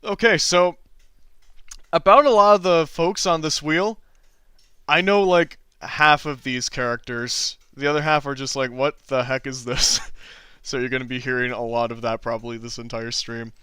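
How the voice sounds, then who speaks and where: A man's voice: mid-range voice, steady tone, normal speed, bright, forceful tone, clean tone, dry recording, clean studio sound. A man casually chatting on a drawing livestream, easygoing and self-deprecating, chuckling often as he answers chat. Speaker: artist streaming drawing requests and Q&A.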